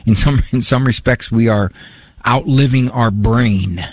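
In a radio studio, a man with a mid-range voice speaks at a measured pace into a studio mic, with no echo. He's hosting a call-in show, rambling loosely, repeating himself and laughing at his own story.

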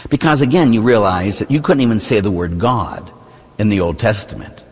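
A man's voice: on the low side, normal speed, breathy edge, in a large hall. A man from the United States, a Catholic priest, preaching a conversational sermon full of rhetorical "huh?" asides.

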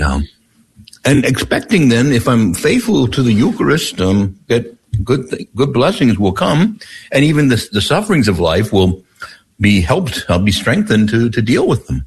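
A middle-aged man, a priest guest on a radio talk show, speaking haltingly and clearing his throat often. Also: lowish voice, sing-song. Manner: halting, many restarts and fillers, clears throat. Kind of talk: prayer and conversational explanation.

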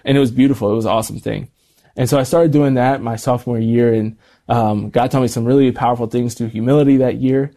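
Fast-talking young man, mellow voice. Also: medium pitch. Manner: quick, animated storytelling with casual slang. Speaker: guest. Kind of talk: casual conversation.

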